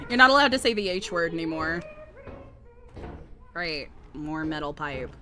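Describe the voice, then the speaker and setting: Crude, loud joking woman streamer. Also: low-pitched, big pitch swings, unhurried. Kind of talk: casual gaming stream chat.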